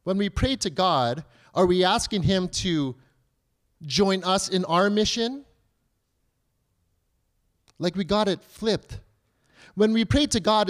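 Male pastor, thirties, slightly high voice, chatty sermon delivery with rhetorical questions. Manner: conversational preaching with rhetorical questions; acts out children's and believers' pleas in a higher voice.

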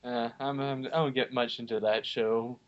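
A man chatting with friends over a movie, hesitant and halting, with plenty of chuckles. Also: medium pitch, steady tone. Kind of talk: casual chat. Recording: dull lo-fi home recording.

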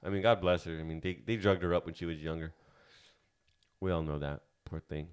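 Deep-voiced man in loose, profane chat. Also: fairly even intonation, brisk, clear, resonant tone. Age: 30s. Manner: loose, profane and rambling, with many fillers. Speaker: podcast co-host. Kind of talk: casual podcast chat.

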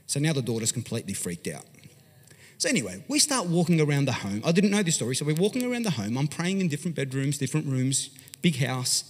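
An Australian pastor telling a story in an animated, conversational sermon, swinging from loud to hushed. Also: male voice, medium pitch, fast, breathy edge. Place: large church hall. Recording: long hall reverb.

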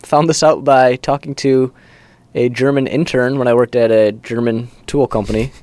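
A man co-hosting a podcast, talking casually and telling animated stories. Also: mid-range voice, moderate pace, no room sound. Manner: chatty, animated storyteller. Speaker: podcast co-host. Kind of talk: casual chat.

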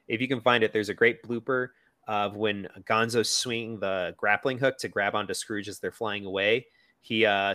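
A man's voice: on the low side, sharp tone, no echo. A man co-hosting a podcast, chatting casually about a movie with plenty of fillers and playful asides. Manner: chatty, lots of fillers, quotes characters in a silly voice. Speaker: podcast co-host.

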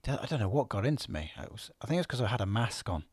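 A man on a podcast, telling stories in a lively way and acting out what people said. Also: on the low side, fast, husky, dry recording, clean studio sound. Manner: animated storyteller, acts out quotes. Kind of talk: casual podcast chat. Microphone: studio podcast microphone.

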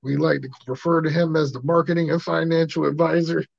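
Slangy podcast host dude, gravelly, kinda dull lo-fi sound. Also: male voice, on the high side, fairly even intonation, a little fast, no room sound. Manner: laid-back slangy banter. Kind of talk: casual chat.

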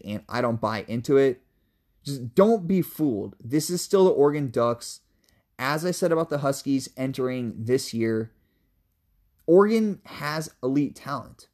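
A young man co-hosts a college football podcast and sounds like he is talking through his picks. His voice sits at an everyday middle pitch. His delivery is emphatic and opinionated, casual, with the odd curse thrown in. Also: a little mellow. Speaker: sports podcast co-host.

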